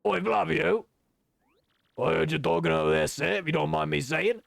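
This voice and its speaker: A man doing a rough-spoken sailor deckhand. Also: on the high side, normal speed, no room sound, clean studio sound. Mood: eager.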